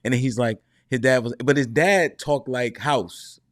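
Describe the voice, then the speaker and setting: Man, lowish voice, rambling anecdote teller, dry mic. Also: unhurried, dry recording. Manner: loose, rambling, slangy, self-interrupting. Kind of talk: casual storytelling chat.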